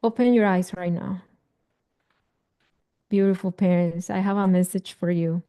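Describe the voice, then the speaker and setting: A woman, a parenting educator leading a guided visualization in a soft, earnest, affirming way with emphatic repeated phrases. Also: fairly low pitch, steady tone, a little slow. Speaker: parenting educator leading a live online session. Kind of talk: slow guided visualization, speaking to the audience.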